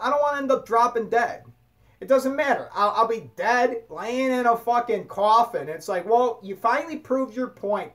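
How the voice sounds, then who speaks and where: A woman giving a blunt spiritual monologue, swearing freely and preaching with animated force. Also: on the high side. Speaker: spiritual talk host.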